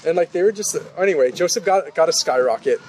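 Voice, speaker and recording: A man in his twenties from California, a podcast co-host telling profane, animated stories in a casual chat. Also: on the high side, fast talker, a little hiss or hum, rough recording. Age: 20s. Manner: profane, animated storytelling with acted-out quotes.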